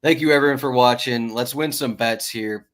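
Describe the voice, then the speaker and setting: A man hosting a sports betting podcast, talking in a relaxed, chatty way with many restarts. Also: medium pitch, normal speed. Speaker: podcast host. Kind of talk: casual chat.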